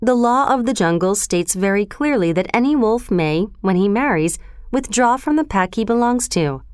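A woman narrating a storybook in a steady, expressive reading voice. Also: mid-range voice, normal speed, clean tone, no room sound, clean studio sound.

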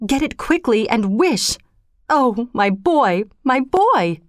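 A woman's voice: mid-range voice, lively intonation, measured pace, no echo, clean studio sound, lightly acted. A woman voicing a grieving old mother who pleads frantically and wildly. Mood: pleading.

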